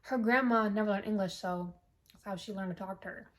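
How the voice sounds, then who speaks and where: A woman's voice: medium pitch, brisk. A woman giving a casual movie recap with lots of swearing, acting out characters' lines as she goes. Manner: animated, profane storytelling, acting out characters' lines.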